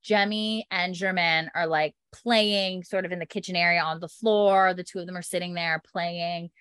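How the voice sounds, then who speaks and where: Animated woman recapping scenes, dry sound. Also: lowish voice, normal speed, clear, resonant tone, no room sound. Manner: animated storyteller, many fillers, acts out characters' lines. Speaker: podcast co-host recapping a TV episode. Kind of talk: casual chat retelling scenes.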